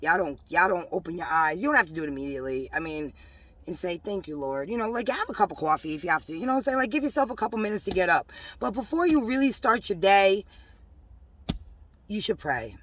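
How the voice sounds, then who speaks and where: A woman, rambling emotionally about her faith from inside a parked car, mixing loud bursts with hushed asides. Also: on the low side, animated, fast, no echo. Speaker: religious vlogger. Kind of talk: casual spiritual testimony to camera.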